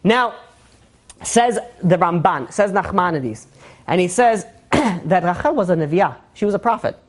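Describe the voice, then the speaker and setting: A woman's voice: fairly low pitch, expressive, measured pace. A woman with a Brooklyn Jewish accent teaching an informal Torah class, conversational and full of restarts and fillers.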